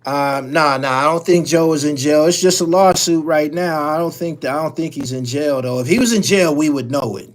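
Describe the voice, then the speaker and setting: A man's voice: fairly high pitch, fairly quick, hardly any pauses. A man hosting a live-stream call-in show, talking bluntly and profanely in a loose, rambling way with frequent restarts.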